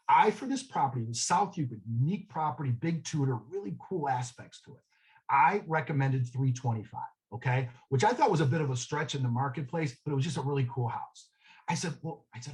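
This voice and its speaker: A man's voice: mid-range voice, animated, a little fast, low-quality recording. A man giving a real estate sales training talk, telling a story in a conversational way and checking in with the room often. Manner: conversational storytelling, frequent "okay?" check-ins.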